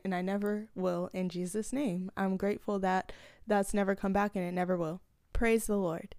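A woman hosts her own podcast from a small room, speaking close to the mic. Her talk is casual and earnest, rambling along with fillers and restarts. Her voice is smooth and clear, and the recording is dry with no room sound. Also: mid-range voice, darkish tone, no echo. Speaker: podcast host.

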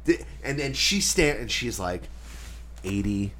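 Low-voiced man telling a story. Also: measured pace. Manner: animated storyteller acting out quotes, swears freely. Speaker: podcast co-host. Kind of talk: casual storytelling chat.

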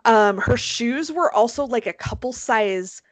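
A woman hosting a casual podcast chat, animated and swearing freely, with lots of fillers. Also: a little high, measured pace, no room sound. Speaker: podcast host.

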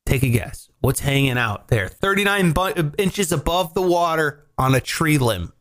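A male comedy podcast host with a somewhat high voice that swings widely in pitch. He tells stories in a loose, joking way and laughs often. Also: normal speed. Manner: joking, animated storytelling with frequent laughs. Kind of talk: casual comedic news chat.

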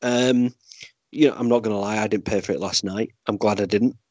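A Yorkshire man, a podcast guest who also hosts a movie podcast, chats casually in a fairly low, steady, darkish voice at a brisk pace. The recording is muffled but has no echo. He rambles through stories, swears freely, and laughs as he goes.

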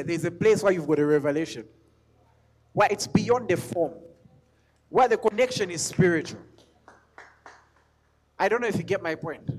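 This is a man with a high voice, recorded with slight background noise, preaching a sermon as a pastor. He is emphatic, hammering his points home with repeated questions and lines, and now and then he sings scripture as a chant.

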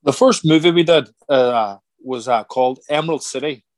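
Man telling animated stories. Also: mid-range voice, normal speed, no echo. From Ireland. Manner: animated, acts out quoted voices, repeats words. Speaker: guest, former boxer turned actor. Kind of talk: casual conversational storytelling.

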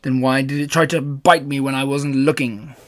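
A man's voice: mid-range voice, flat delivery, moderate pace, natural voice. A man reading a storybook aloud, voicing a bouncy, cheerful young male tiger who talks with boastful confidence.

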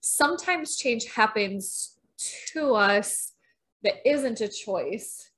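This is a woman with a Minnesotan accent co-hosting a podcast. Her voice sits a little high. She talks in a chatty, relaxed way and laughs often. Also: slow. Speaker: podcast co-host. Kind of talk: casual chat.

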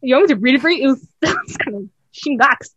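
A woman's voice: high voice, quick pace, muffled recording, very noisy. A young woman co-hosting a podcast, telling family stories in casual chat with frequent laughter. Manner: laughing storyteller, animated retelling. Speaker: podcast co-host.

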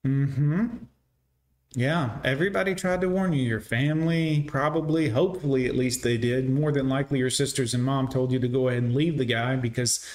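A man's voice: medium pitch, a little fast, darkish tone. A man giving sarcastic, scornful reaction commentary, lecturing his listeners.

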